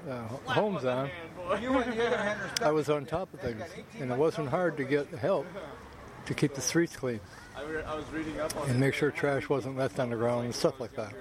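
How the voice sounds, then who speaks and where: A man's voice: medium pitch, a little slow, pauses often. A man speaking casually in a street interview, stumbling over words as he explains. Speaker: community member interviewed. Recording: outdoor recording with crowd noise.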